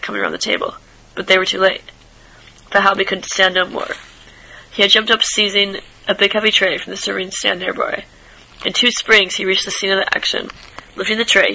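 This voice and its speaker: A man reads a short story aloud with a high, gravelly voice. He stumbles over words and starts lines again, now and then dropping into quiet asides. His tone is very bright and edgy. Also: slight background noise, rough recording. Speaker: reader.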